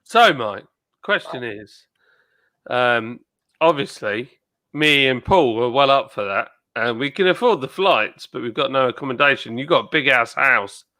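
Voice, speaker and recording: A man's voice: medium pitch, animated, a little slow, bright, forceful tone. A man hosting a casual, jokey chat full of banter. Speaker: host.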